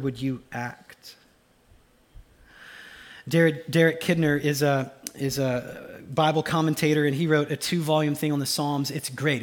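A pastor preaching a sermon, swinging from loud urgency to a hushed, almost whispered delivery. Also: male voice, medium pitch. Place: church sanctuary.

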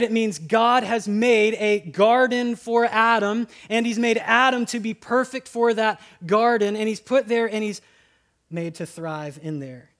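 High-voiced man preaching conversationally. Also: fairly bright tone. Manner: conversational preaching, frequent "right?" asides; acts out quoted voices for humor. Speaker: pastor. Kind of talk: sermon.

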